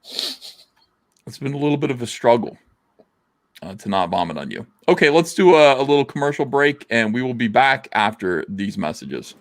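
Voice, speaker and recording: Rambling man, lively swings. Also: medium pitch, moderate pace. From South Jersey, USA. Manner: rambling, profane, lots of fillers. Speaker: live stream host reading chat. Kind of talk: casual live stream chat.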